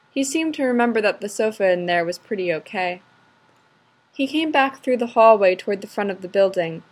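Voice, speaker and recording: A woman reading fiction aloud in an even, steady storytelling voice. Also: mid-range voice. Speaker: narrator.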